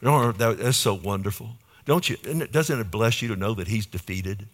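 A man's voice: fairly low pitch, brisk. A male pastor preaching a sermon, asking the congregation questions and building emphasis on key phrases.

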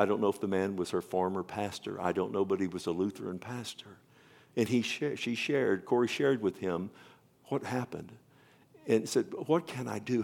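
Gravelly low-voiced male preacher. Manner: dramatic, swinging between loud and hushed; addresses listeners directly with questions. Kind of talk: sermon storytelling.

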